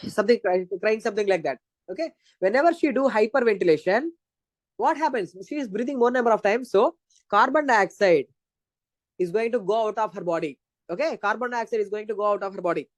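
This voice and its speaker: Recorded dry, a high-voiced man with an Indian English accent teaches physiology in an exam-prep lecture. He explains step by step and repeats his points.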